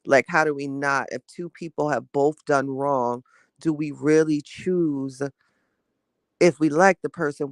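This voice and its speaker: A woman's voice: low-pitched, no room sound. Heated, chatty woman, dry close sound. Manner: animated and heated, quick to rile, laughs between rants; chatty, talks straight to the audience. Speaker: livestream host reading viewer chat. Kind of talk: casual morning chat with viewers.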